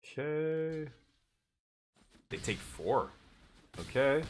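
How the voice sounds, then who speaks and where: A man streaming a card game live, chatting excitedly and joking with his chat as he plays. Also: mid-range voice, slow pace, long pauses, faint music behind.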